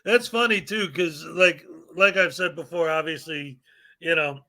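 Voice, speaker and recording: A rambling, joking man hosts a relaxed livestream chat. His voice runs high for a man. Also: a little slow. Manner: rambling, joking, laughs often. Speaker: host.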